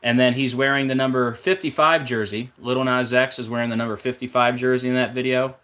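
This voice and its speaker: This man hosts a laid-back numerology video, speaking in a medium-pitched, steady, fairly bright voice. In a casual, rambling monologue he rapidly lists numbers and the links between them in a conspiratorial way, often drifting off track and searching aloud with fillers.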